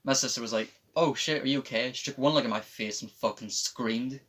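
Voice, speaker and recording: A man's voice: medium pitch, fairly quick, a bit bright, breathy edge, rough recording. A young man hosting a casual podcast. He tells stories in a dry, offhand way and swears often. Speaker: podcast host. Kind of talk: casual chat.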